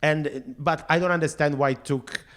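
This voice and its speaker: A man with an Italian accent, a podcast guest in casual chat, who pauses to search for English words and sounds incredulous about food habits. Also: on the high side, steady tone, a bit bright.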